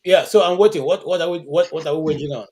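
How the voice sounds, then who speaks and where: A man's voice: fairly high pitch, fast, a little mellow, breathy edge. A Nigerian man on an online panel call, making a point earnestly with many restarts and fillers. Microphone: video call.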